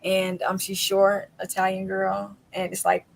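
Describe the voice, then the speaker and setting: A woman hosts a relaxed podcast interview with a gravelly, creaky texture to her voice. She talks in a loose, chatty way, laughing often and slipping into little acted quotes. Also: mid-range voice, measured pace, poor audio. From southern United States. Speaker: podcast host. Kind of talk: casual interview chat.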